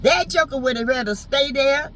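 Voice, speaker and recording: A woman's voice: high voice, moderate pace, a bit bright, a little hiss or hum, low-quality recording. A woman with a Southern US accent giving a sassy, teasing, slangy recap of a reality show in casual chat. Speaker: TV show reviewer.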